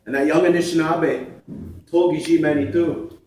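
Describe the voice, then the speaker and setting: A man acting as emcee and storyteller, telling a traditional story on a large theatre stage in a measured, animated way with playful asides. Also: a little high, a little hiss or hum. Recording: echoey theatre from far off.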